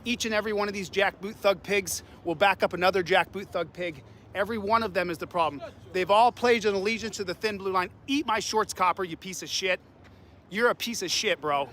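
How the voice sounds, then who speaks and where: A man's voice: sits high, fairly quick, a bit bright. A man filming himself as an independent journalist, confronting and insulting police in a public parking lot with a combative, taunting manner. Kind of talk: street confrontation.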